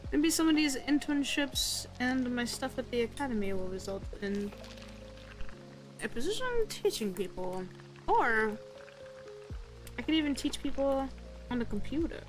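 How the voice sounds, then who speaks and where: A young woman with a slightly high voice chats casually while she draws on a livestream. She rambles and pokes fun at herself, leaning on a lot of fillers. Faint music and rain sit in the background. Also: low-quality recording. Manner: rambling and self-deprecating, lots of "like" fillers. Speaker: art streamer. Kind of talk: casual chat while drawing on stream.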